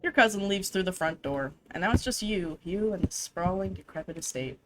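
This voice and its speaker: A woman streaming a game from her desk at home, chatting casually and reading the game text aloud in an animated, giggly way. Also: fairly low pitch, fairly quick, background noise. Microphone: headphones with desk mic.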